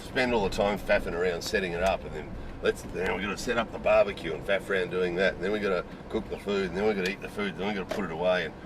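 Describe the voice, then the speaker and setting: A man's voice: low voice, steady tone, fast talker, few pauses, noisy background. A middle-aged man with an Australian accent, talking casually and candidly to camera, rambling with lots of "you know"s. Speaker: video host. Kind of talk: casual opinion talk.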